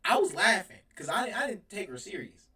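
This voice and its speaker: Young guy, rambling animated storyteller, sits back from the mic in an echoey room; casual storytime vlog. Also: sits high, a little fast. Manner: rambling, animated, laughs mid-sentence. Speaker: storyteller vlogger. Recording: roomy sound from a distance.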